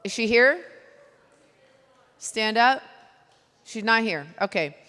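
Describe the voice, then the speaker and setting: A woman's voice: on the high side, expressive, takes it slowly, pushed and bright. A woman with a Texan accent emceeing a live event, chatty and loose, poking fun at herself. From Texas. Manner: chatty, self-deprecating, loose. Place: event hall. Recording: long hall reverb.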